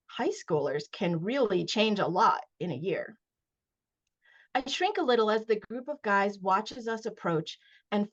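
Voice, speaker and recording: A woman author reading aloud from her middle-grade novel at a virtual launch event, expressive in the first person, with short casual recaps. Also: medium pitch. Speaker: children's book author. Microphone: video call. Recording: dull lo-fi video call audio.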